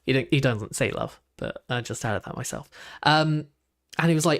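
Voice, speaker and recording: A man's voice: fairly high pitch, sing-song, fast talker. A young man, chatting casually while reacting to videos, rambling with lots of "like" and restarts.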